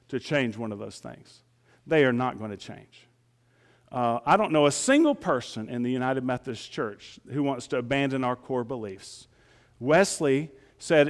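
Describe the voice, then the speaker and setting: A man's voice: a little high, long reverb tail. A male pastor preaching a sermon in a folksy, conversational way, often asking the congregation rhetorical questions.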